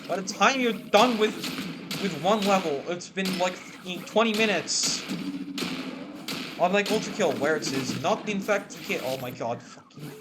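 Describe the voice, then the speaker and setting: A man's voice: high-pitched, measured pace, very noisy. A man giving casual gameplay commentary, joking and swearing through exasperated outbursts. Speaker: gaming YouTuber.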